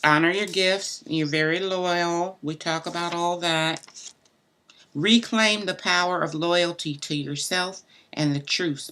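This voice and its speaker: A woman's voice: on the low side, pushed and bright. A woman hosting a live tarot reading stream, chatting loosely and bluntly with viewers. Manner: chatty, talks straight to viewers; loose and blunt, mild cussing. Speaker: tarot reader.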